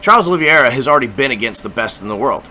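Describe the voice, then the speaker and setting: A man hosting a casual fight-prediction talk, profane, excitable and rambling with lots of repetition. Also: medium pitch, rapid-fire, slight background noise. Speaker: MMA fight predictions host.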